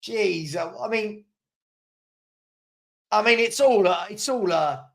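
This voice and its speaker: A man's voice: high-pitched, takes it slowly, gravelly. A man hosting a live football watchalong, reacting to the match and answering viewers' chat with frequent chuckles. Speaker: host of a football fan watchalong.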